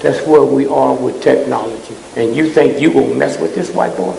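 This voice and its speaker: A man giving a fiery, preaching-style talk to a live audience, blunt and scolding, often pausing to ask the crowd "huh?". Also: medium pitch, vocal fry, dark tone, slight background noise. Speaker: speaker addressing a live audience. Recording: echoey hall with long reverb.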